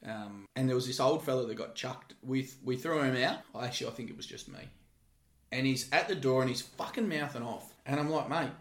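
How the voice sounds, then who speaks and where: A man's voice: mid-range voice, a little fast. A man in his thirties with an Australian accent telling profane, brash security stories in a casual podcast chat. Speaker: podcast guest, former security guard. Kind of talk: casual storytelling. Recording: echoey room.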